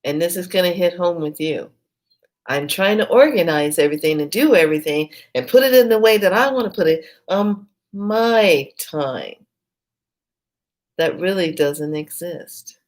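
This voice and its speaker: A woman with a low voice talks slowly and reflectively in a casual spiritual vlog. She tells a personal story and breaks into lively quoted bursts. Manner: storytelling, quoting herself and others in lively bursts. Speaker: spiritual vlogger. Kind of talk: casual spiritual talk to camera.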